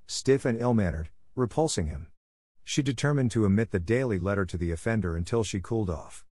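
A man narrating a classic novel in even, unhurried storytelling. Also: deep voice, no room sound, studio quality. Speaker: audiobook narrator. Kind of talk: scripted narration.

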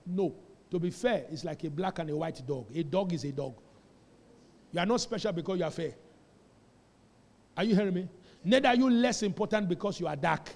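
A man's voice: sits high, darkish tone, long reverb tail. A Nigerian man preaching a sermon as a pastor. He tells stories with Pidgin asides and builds to emphatic calls. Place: church.

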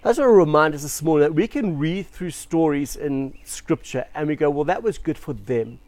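Male pastor from South Africa, conversational storyteller with a fairly high voice, dry close recording. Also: lively intonation, brisk, a little mellow, no echo. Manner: chatty storytelling with self-deprecating asides. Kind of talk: sermon.

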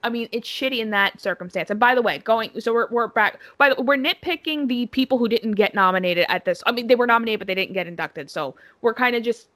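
A woman's voice: a little high, quick pace, hardly any pauses, fairly bright tone. A woman co-hosting a casual podcast, talking in an opinionated, emphatic way and swearing freely. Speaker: podcast co-host. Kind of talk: casual chat.

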